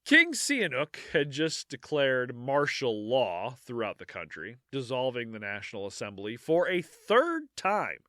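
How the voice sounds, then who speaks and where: A man hosts a history podcast, reading his notes in a bright, cutting voice that swings up and down a lot. He stumbles, corrects himself and breaks off for jokey asides with a quick laugh. The sound is dry and close. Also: mid-range voice, wildly swooping pitch, dry recording. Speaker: podcast host.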